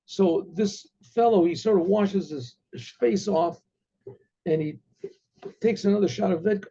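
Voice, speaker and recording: A male rabbi telling a story, halting and repeating himself with many asides. His voice is gravelly and husky, fairly high for a man. The recording sounds dull and lo-fi. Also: warm tone. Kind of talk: oral storytelling.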